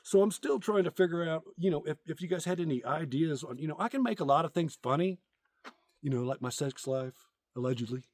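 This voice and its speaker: A man's voice: fairly high pitch, lively intonation, brisk, a little mellow, dry recording. A middle-aged man telling crude, rambling jokes outdoors in a casual comedic vlog, with many ums and uhs. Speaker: content creator.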